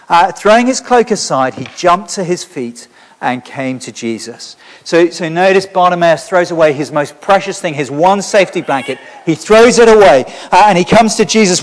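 A man preaching an interactive sermon in a church, leading the congregation in call-and-response shouting. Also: sits high, animated, moderate pace. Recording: reverberant church hall.

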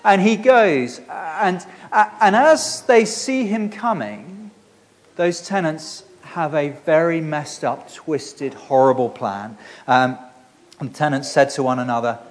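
A man's voice: on the high side, slow pace. A man preaching a sermon in an earnest, conversational way, often restarting phrases.

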